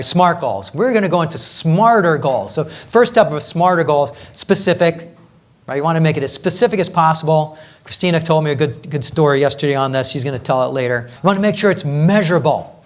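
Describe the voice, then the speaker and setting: A man with a somewhat high voice runs a live coaching workshop. He talks in an energetic, conversational way, repeating phrases for emphasis and often asking "right?" to keep the audience with him. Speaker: executive coach leading a workshop.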